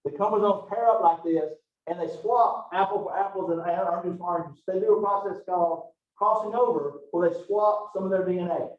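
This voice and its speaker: A man teaching a biology lecture, lively and joking at his own expense, with frequent rhetorical questions. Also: sits high, fairly quick, hardly any pauses. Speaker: biology instructor. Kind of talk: recorded online lecture. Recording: roomy, distant, dull lo-fi mic.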